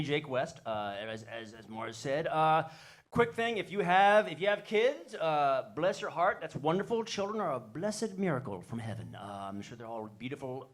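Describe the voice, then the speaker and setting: Male stand-up comic, rambling self-mocking delivery, lively pitch, stage mic in a club. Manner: rambling, self-deprecating, shouts character voices. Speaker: stand-up comedian. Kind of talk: stand-up comedy set.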